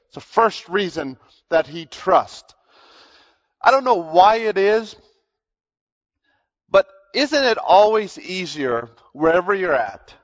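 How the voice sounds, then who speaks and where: A man's voice: fairly high pitch, fairly bright tone, dull audio. A man in his thirties preaching a sermon in an earnest, conversational way that rises to emphatic peaks. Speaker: pastor.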